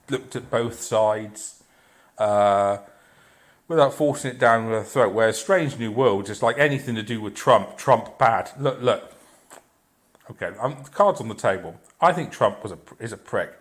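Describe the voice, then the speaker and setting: A man rants into the camera in a blunt, sarcastic voice, swearing constantly. He rambles, restarts and trails off into filler, in an ordinary mid-range pitch. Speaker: video reviewer. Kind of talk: unscripted rant.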